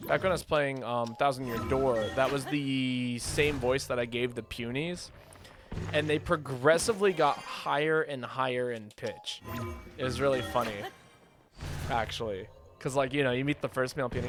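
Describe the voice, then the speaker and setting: A man's voice: mid-range voice, normal speed. A young man streaming a video game, giving rambling, chatty commentary full of fillers. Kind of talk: casual gaming commentary. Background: faint game music.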